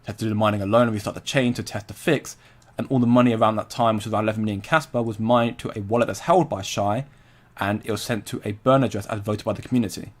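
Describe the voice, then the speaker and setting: A man's voice: on the low side, fairly even intonation, fast talker. A young man hosting a casual crypto livestream, chatting loosely, answering viewer comments and laughing often.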